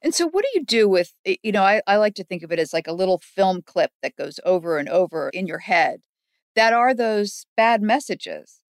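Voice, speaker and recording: A woman's voice: mid-range voice, big pitch swings, moderate pace, no echo. Curious woman interviewer, dry close sound. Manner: curious, encouraging, asks reflective questions. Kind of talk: interview conversation.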